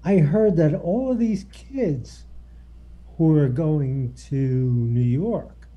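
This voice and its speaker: A man's voice: on the high side, slow, dull audio. A man on a talk panel, rambling and unsure in casual chat.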